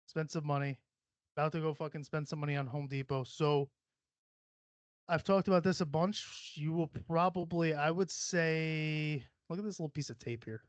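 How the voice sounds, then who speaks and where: A man's voice: a little high, fairly even intonation, normal speed, dry recording. A young adult man hosting a casual solo podcast from a cluttered home room, blunt, profane and rambling as he jokes. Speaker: podcast host.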